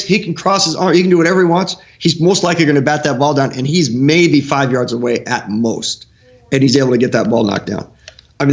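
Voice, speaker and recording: A middle-aged man with a slightly raised pitch, breaking down football film as a guest coach on a streamed show. He gets animated as he talks. He stumbles into frequent restarts as the ideas pile up. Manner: animated, excitable, restarts often.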